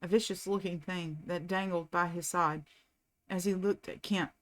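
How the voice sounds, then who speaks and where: A woman reading a novel aloud at a steady, unhurried pace, as the host of a reading channel. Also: fairly low pitch.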